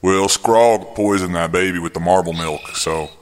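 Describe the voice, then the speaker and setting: A man voicing a blunt, gruff demon friend who speaks slowly. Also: deep voice, long reverb tail, slight background noise, pitched below the performer's own voice, close to an everyday voice. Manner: slow, blunt grunts.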